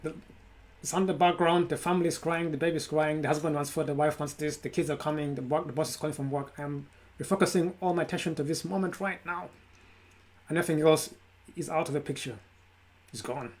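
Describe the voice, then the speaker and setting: Male self-help speaker, slightly higher voice, emphatic list-driven live talk to camera. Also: level tone, fast. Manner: emphatic, repetitive lists. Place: his room.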